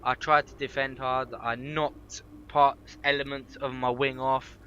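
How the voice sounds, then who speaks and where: A man giving excited, chatty commentary over a racing game, his voice hoarse from shouting. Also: mid-range voice, unhurried, dull audio, a little hiss or hum. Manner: energetic, chatty, slangy. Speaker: gaming video creator.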